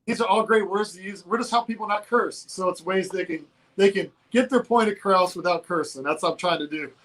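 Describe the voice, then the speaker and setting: A man co-hosting a casual political talk show, animated and laughing often, from Georgia in the United States. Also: high-pitched, brisk, poor audio. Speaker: co-host.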